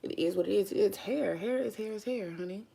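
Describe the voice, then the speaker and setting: A woman's voice: mid-range voice, brisk, gravelly, mellow, breathy edge. A young woman, chatting casually to viewers while doing her makeup, calling them honey and y'all. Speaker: vlogger. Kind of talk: casual makeup vlog chat.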